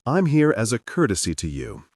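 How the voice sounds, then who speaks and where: A plain-spoken male agent talks in a steady, matter-of-fact tone, as a male narrator voices him. The voice is low and husky, recorded close and dry. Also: moderate pace, no echo, full character voice. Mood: formal. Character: earnest male government agent.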